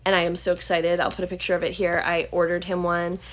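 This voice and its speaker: A woman with a Southern American accent and a hoarse, scratchy voice, chatting casually and rambling to her camera at home. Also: fairly low pitch, completely flat delivery, fast talker. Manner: chatty, rambling with many fillers. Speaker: vlogger. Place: home, indoors.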